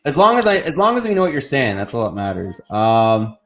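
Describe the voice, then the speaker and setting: A man's voice: mid-range voice, big pitch swings, fairly quick. A man with a Canadian accent hosting a casual livestream, greeting chat viewers by name and laughing often. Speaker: livestream host. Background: faint background music.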